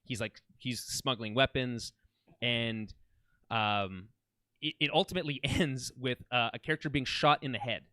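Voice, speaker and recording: A man's voice: mid-range voice, normal speed, sharp tone, clean tone, no room sound. A man co-hosting a podcast, chatting casually and enthusiastically about a TV series, often restarting his sentences. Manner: rambling, enthusiastic, many restarts. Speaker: podcast co-host. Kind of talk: casual film and TV chat.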